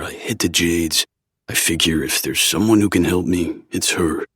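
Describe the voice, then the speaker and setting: A man narrating a first-person audiobook in a brooding, measured way. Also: deep voice, fairly bright tone, husky, dry recording, clean studio sound.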